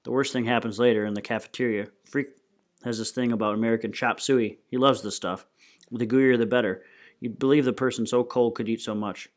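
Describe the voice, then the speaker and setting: A man's voice: medium pitch, fairly even intonation, brisk. A man reading a novel aloud in a plain, unpolished way, with small slips and restarts. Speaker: reader.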